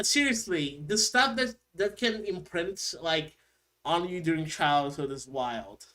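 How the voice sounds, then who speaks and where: A man's voice: on the high side, bright, forceful tone. A man co-hosting a livestream, chatting casually and joking, and he often breaks into laughter. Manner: laughs often, loose and jokey. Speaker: co-host of a livestream. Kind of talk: casual livestream reaction chat.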